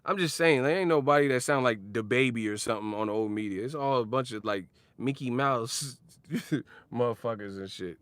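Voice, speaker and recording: Brisk and fairly bright, his medium-pitched voice sounds clear and resonant, with no echo. The young vlogger is doing casual boxing commentary, ranting in slang and laughing between curses.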